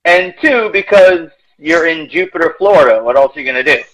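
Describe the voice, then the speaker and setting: Sarcastic guy co-hosting a podcast, kinda higher voice, cracks jokes. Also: lively intonation, a little fast, fairly bright tone, rough recording. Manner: joking, sarcastic. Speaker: podcast co-host. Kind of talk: casual chat on a live podcast.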